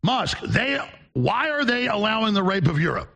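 A man hosting a call-in talk show, delivering a sarcastic rant with shouted outbursts. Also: high voice, sing-song, moderate pace, vocal fry. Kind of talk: ranting call-in show monologue.

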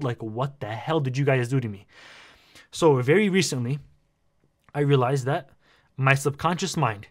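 A young man tells a personal story in a loose, casual vlog style. His voice sits a little high for a man, and he talks with lively energy and plenty of slang. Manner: animated, slangy, says "bro" a lot. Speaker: vlogger.

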